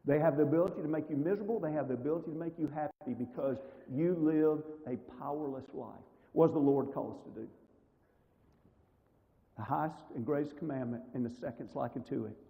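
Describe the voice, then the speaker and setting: A man's voice: mid-range voice, vocal fry, dark tone, long reverb tail, rough recording. A man teaching a church marriage seminar class in a conversational way, often asking the audience rhetorical questions. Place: church hall.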